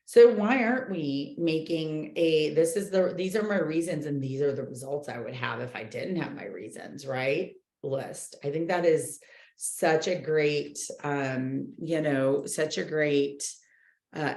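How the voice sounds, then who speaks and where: A woman coaching a book club group, talking in an animated, chatty way with many fillers. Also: low-pitched, measured pace, echoey room. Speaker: real estate coach leading a book club. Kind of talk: casual group talk, reading and commenting.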